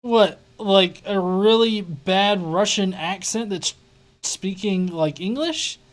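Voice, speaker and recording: A woman's voice: medium pitch, expressive, slow. A woman hosting a live reaction show, commenting in a sarcastic, incredulous way with swearing. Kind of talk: mocking live-stream commentary.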